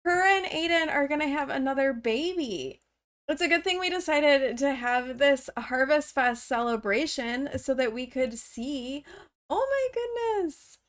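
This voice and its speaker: A woman giving chatty, casual gameplay commentary with frequent gasps and excited exclamations. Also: high-pitched, measured pace. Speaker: let's play host.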